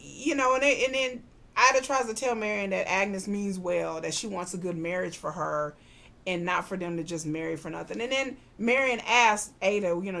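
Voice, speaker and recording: A woman recaps a TV drama in a loose, chatty way. Her voice sits at a middling pitch, and she jumps into the characters' lines with slang asides. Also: moderate pace, gravelly, fairly bright tone. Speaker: podcast host recapping a TV drama. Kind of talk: casual recap chat.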